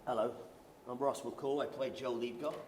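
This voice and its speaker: A British actor with a London accent tells stories on a veterans' conference panel, casual, joking and self-deprecating. His mid-range voice is steady, a little mellow and at normal speed, and the conference hall recording has a roomy echo with faint noise.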